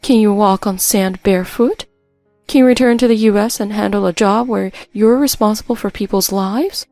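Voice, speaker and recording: A woman voicing a firm, brisk older sister who scolds and lays down conditions. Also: medium pitch, mellow, no echo, soft background music, close to an everyday voice. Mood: stern brisk. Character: stern, scheming older sister, brisk and unsympathetic.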